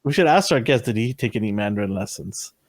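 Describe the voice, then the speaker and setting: A man's voice: fairly low pitch, expressive, fast, no room sound, clean studio sound. Teasing man chiming in on a recap. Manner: short teasing interjections. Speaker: podcast co-host. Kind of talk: casual TV show recap chat.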